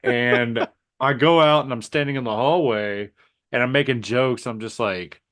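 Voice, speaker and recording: A man co-hosting a podcast, telling a story with animated energy, acting out quotes and laughing often. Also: medium pitch, unhurried. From Southern Indiana. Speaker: podcast co-host. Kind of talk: casual storytelling chat.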